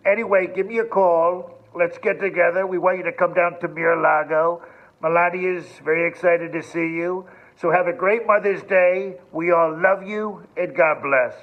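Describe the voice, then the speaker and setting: A man's voice: high-pitched, fairly even intonation, moderate pace. A man doing an impression of a boastful older male politician, with a blustery, folksy way of signing off. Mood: friendly. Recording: tinny phone-like audio.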